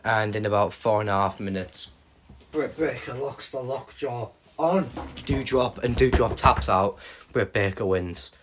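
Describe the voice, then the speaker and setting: A man hosting a podcast, recapping fantasy wrestling bookings with animated play-by-play. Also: lowish voice, unhurried, a little hiss or hum. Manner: hums entrance themes, animated play-by-play. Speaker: podcast host.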